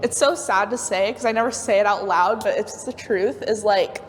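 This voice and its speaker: A woman's voice: medium pitch, normal speed, over music. A woman speaking candidly in a casual group discussion on a panel. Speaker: panel participant. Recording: roomy reverb with faint ambient noise.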